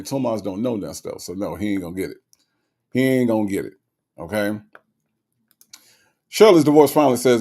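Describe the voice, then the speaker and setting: Gravelly-voiced man riffing for his stream. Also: mid-range voice, moderate pace. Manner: animated, repetitive, laughing asides. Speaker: livestream host reading chat. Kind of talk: casual comedic commentary.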